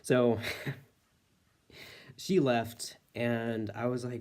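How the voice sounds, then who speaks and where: A man's voice: mid-range voice, fairly even intonation, drawn-out words, pauses often, a little mellow. A man casually telling a personal ghost story, rambling with lots of filler words and an easy, matter-of-fact manner. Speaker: storyteller host.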